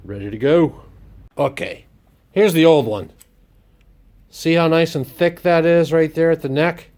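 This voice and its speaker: A man with a slightly high, a little mellow voice keeps a measured pace while hosting a DIY vlog in his home workshop. The commentary is casual and playful, with jokes, exclamations while he works, and a put-on Irish lilt.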